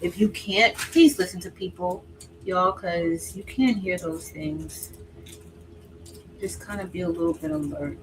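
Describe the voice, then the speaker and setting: A woman hosting a craft livestream, chatting casually with viewers by name while she works, swinging from excited exclaiming to quiet asides. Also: lowish voice, unhurried, noisy background. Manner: chatty, answers viewers by name, says y'all; drifts between excited exclaiming and soft asides.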